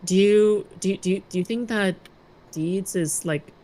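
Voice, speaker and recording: A woman's voice: mid-range voice, a little slow, warm tone. A woman questioning and sarcastic in a heated group voice chat, stammering at times.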